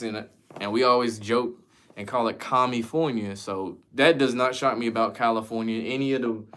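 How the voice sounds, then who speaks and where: A man's voice: fairly low pitch, clean tone. A man from the United States chatting casually as a streamer, answering viewer questions in a loose, slangy, profane way. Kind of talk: casual chat.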